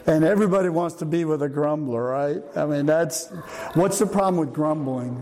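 An older male pastor with a slightly high, dark-toned voice preaches at a moderate pace. His sermon is conversational, and he often poses questions to the congregation. The recording has long hall reverb and faint noise.

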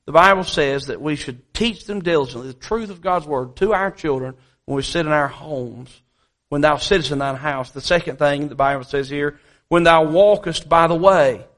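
A man's voice: a little high, moderate pace, a bit bright. A man preaching a sermon as pastor, emphatic and repeating key phrases, with folksy asides, in a church.

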